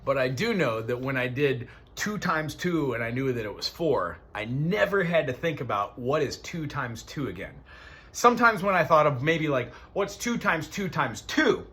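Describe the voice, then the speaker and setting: A man's voice: medium pitch, sing-song, normal speed, sharp tone. A man teaching a one-on-one music lesson, explaining patiently and counting beats aloud.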